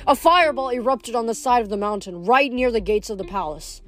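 A woman reading a novel aloud in steady narration, now and then stumbling over a word. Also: on the high side, fairly quick, faint music behind. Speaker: reader.

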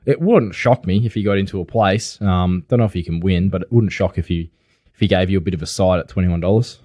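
Low-voiced Australian man tipping horses. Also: dark tone, dry recording, clean studio sound. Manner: measured, hedging with fillers. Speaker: horse racing tipster. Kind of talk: casual racing analysis chat.

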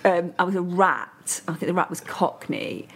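A woman's voice: fairly low pitch, normal speed, a little hiss or hum. A northern English woman chatting as a podcast guest, telling stories with plenty of fillers and restarts. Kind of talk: casual chat.

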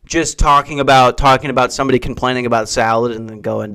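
A man's voice: medium pitch, fairly even intonation, fast talker, pushed and bright. Profane ranting man podcasting at home. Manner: crude, profane, ranting and self-mocking. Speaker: podcast host. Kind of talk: solo comedic podcast rant. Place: hot brick house.

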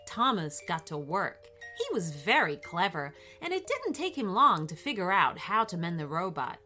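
A woman reading a children's bedtime story aloud in an expressive, lilting voice. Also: fairly low pitch, moderate pace, soft background music.

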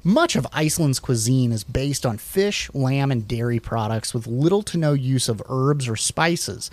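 A man's voice: mid-range voice, a little slow, no room sound. A man in a laid-back conversation, reading notes aloud and drifting into asides, full of fillers and self-corrections. His voice sits in an ordinary middle range. The sound is dry and close with no room around it. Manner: relaxed, rambling, many fillers and restarts. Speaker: podcast co-host. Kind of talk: casual chat reading from slides.

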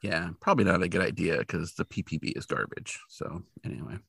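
A man's voice: deep voice, a little fast, creaky, fairly bright tone, husky, no echo, clean studio sound. A man co-hosting a podcast, retelling a TV episode in casual, rambling chat with lots of fillers. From Portland, Oregon resident since 2003. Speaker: podcast co-host.

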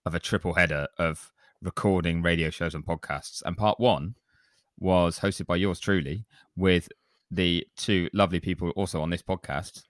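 A low-pitched man hosts a casual podcast, chatty and self-deprecating as he reads listener reviews aloud. His voice is deep, and the sound is dry and close to the mic. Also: fairly even intonation, normal speed, dry recording. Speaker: podcast host.

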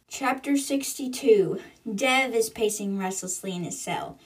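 A woman's voice: fairly high pitch, unhurried, few pauses, husky. A woman hosting a book podcast, retelling the chapters casually in her own words and chatty manner. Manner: chatty, "she's like" storytelling.

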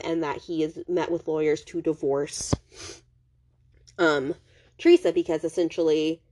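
A woman's voice: low-pitched, dark tone. A woman hosting a podcast, recapping a novel's plot in a rambling, casual way, with constant "like" and "um" fillers and frequent restarts. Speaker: podcast host.

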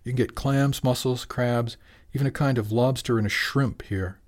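A man's voice: mid-range voice, steady tone, moderate pace, voice pushed up, natural voice. A man playing a clever young explainer. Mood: explaining.

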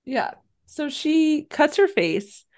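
A woman's voice: high-pitched, slow pace. A woman co-hosting a podcast, casually recapping a film and acting out the characters' lines. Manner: animated, acts out characters' lines. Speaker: podcast co-host. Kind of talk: casual movie recap chat.

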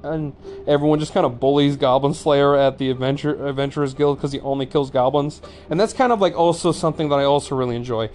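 A man's voice: a little high, fairly even intonation, fast, a little mellow, slight background noise. A man hosting his own review vlog, talking casually in a rambling way, swearing freely and filling his talk with "like" and restarts. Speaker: anime reviewer, channel host.

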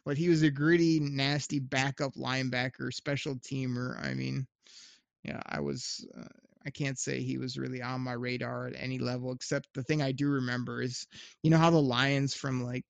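A man's voice: mid-range voice, flat delivery, normal speed, gravelly, no echo, highs cut off. A man co-hosting a podcast, chatting casually about football with frequent restarts and laughs. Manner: rambling, laughs often, many restarts. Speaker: podcast co-host. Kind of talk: casual sports chat.

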